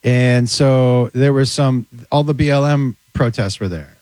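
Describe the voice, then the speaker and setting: A man, a comedian guest, chatting casually and telling animated stories. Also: medium pitch, a little slow, no room sound, poor audio. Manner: animated storyteller, slips into character voices. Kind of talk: casual podcast chat.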